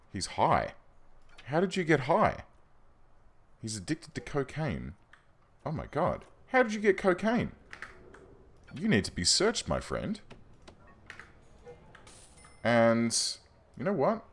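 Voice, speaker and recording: A man hosting a let's-play video, rambling and self-deprecating with lots of ums as he plays. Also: lowish voice. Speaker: gaming channel host.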